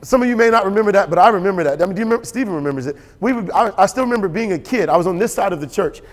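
A man preaching a sermon as pastor, animated and storytelling. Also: high voice, racing. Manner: animated, storytelling with quoted voices and laughter. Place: church sanctuary. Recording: church hall with long reverb.

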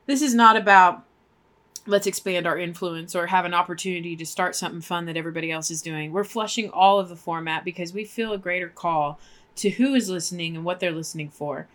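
A woman's voice: fairly low pitch, fairly quick, a bit bright. A woman co-hosting a faith podcast, talking emphatically and acting out prayers as she goes. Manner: emphatic, preachy, acts out prayers. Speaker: podcast co-host.

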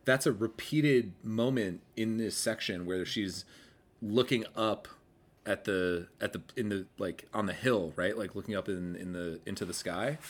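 A man's voice: fairly low pitch, unhurried. A man talking through ideas about a novel on a video call, rambling with many fillers and restarts. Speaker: book club member. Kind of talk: casual video-call discussion.

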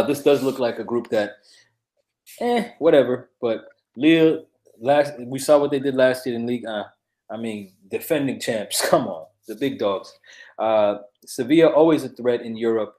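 A man co-hosting a sports podcast in casual chat, laid-back and quick to laugh, with many filler words. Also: medium pitch, a little mellow. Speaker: podcast co-host.

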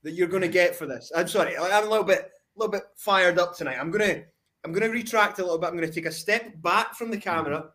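A man's voice: high-pitched, fast, sharp tone. A man talking trash as a wrestler guest on a podcast, brash and cocky, swearing freely. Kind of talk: boastful trash talk.

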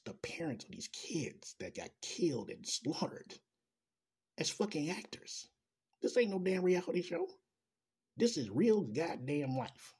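A commentator launches into an angry, profane, sarcastic rant aimed straight at the listener. His voice is fairly high in pitch, a little mellow, and husky.

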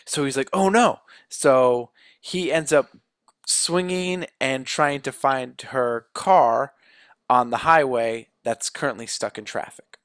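A man co-hosting a casual chat, retelling a film plot in a loose style with fillers and quick quoted lines. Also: mid-range voice, fairly bright tone, no room sound. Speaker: co-host recapping a film.

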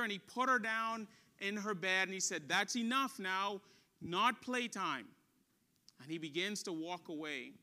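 Male pastor, high ringing tone, sermon delivery with call-and-response. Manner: preaching with call-and-response questions, dropping soft for stories.

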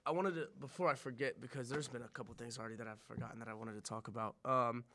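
A man's voice: mid-range voice, steady tone, fast, background noise. A man speaking as a podcast guest in casual chat, hesitant, stammering and restarting his sentences.

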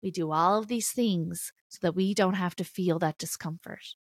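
A woman's voice: lowish voice, moderate pace, no echo. Earnest woman giving a motivational talk, dry sound. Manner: earnest, emphatic, with blunt casual swearing; repeats key phrases for emphasis. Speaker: podcast host.

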